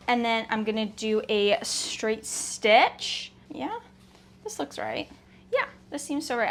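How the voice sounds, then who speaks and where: A woman's voice: fairly high pitch, fairly bright tone. A young Canadian woman chatting casually to her viewers while she sews at home, talking herself through each step. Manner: chatty, self-talking while working, quick exclamations. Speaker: sewing vlogger. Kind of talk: casual sew-along chat.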